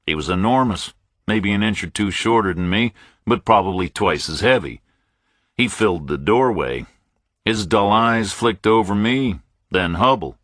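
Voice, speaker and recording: A man reading a first-person thriller audiobook in a measured, tense storytelling manner. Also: on the low side, lively intonation, a bit bright, no echo, studio quality. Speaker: audiobook narrator.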